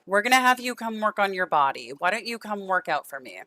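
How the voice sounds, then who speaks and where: A woman's voice: medium pitch, sing-song, brisk, bright, forceful tone, dry recording. A young woman streaming a life-sim game, chatting affectionately with viewers and her characters, losing her voice. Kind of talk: casual gameplay stream chat.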